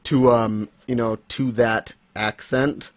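A man's voice: medium pitch, fairly even intonation, slow, no room sound. A man hosting a casual manga chat, rambling with fillers and light laughs. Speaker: podcast host.

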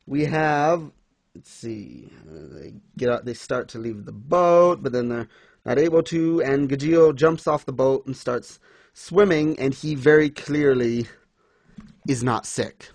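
A man's voice: mid-range voice, expressive, measured pace, darkish tone, no room sound. A young man in casual chat, ranting in exasperation about a comic and mocking scenes in put-on voices. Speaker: podcast co-host reviewing manga.

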